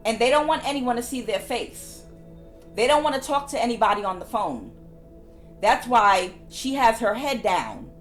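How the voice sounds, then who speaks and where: A woman tarot reader giving a casual spiritual reading, repeating her phrases for emphasis. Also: a little high.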